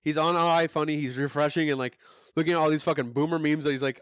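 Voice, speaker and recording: Man, fairly high voice, podcast co-host, joking, dry close sound. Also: fairly even intonation, clear, resonant tone, no room sound. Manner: joking, mocking, with quick put-on quotes. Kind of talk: casual chat.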